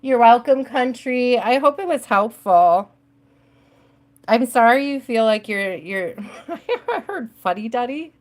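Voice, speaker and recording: A woman's voice: a little high, expressive, slow. A woman hosting a live tarot stream, chatting casually with viewers, laughing often and greeting them by name.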